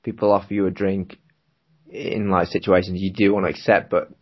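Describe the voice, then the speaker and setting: A man's voice: low voice, level tone, brisk. A man from Britain, co-hosting a podcast, telling a rambling anecdote and laughing often in casual chat. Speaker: podcast co-host.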